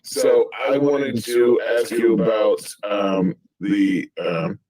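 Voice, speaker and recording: A man's voice: lowish voice, fairly even intonation, takes it slowly, warm tone, low-quality recording. A man politely cutting in to ask a question, hesitant and apologetic. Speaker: participant asking a question. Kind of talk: livestream debate.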